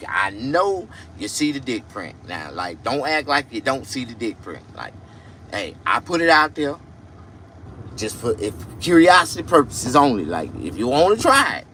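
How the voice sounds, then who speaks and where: Loud crude man telling stories. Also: fairly low pitch, very animated, normal speed, a little hiss or hum. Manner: crude, loud, shrieking storytelling. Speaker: comedian. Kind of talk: comic monologue.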